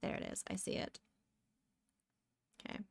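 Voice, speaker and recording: A young Canadian woman chats casually on a live stream while drawing, rambling and breaking into excited exclamations. She talks at a normal speed, and the recording is dry and studio quality.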